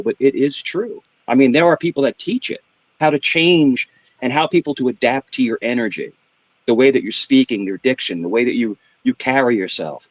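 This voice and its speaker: A man's voice: medium pitch, no echo. A middle-aged man telling funny stories in casual chat, full of sound effects and switching between voices. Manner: animated storyteller with vocal sound effects and voice switching. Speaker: livestream guest.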